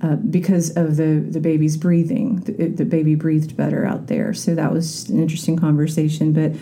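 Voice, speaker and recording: Candid, dark-voiced woman musing aloud. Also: low-pitched, flat delivery, fairly quick. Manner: candid, rambling, acts out quoted voices, frequent restarts. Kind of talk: casual reflective monologue.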